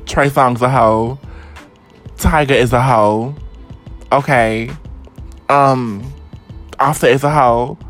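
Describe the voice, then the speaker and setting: A woman hosting her own vlog, ranting about celebrity gossip in a sassy, profane way and repeating her points for emphasis. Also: extremely low pitch. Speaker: vlog host. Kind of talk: casual celebrity gossip rant.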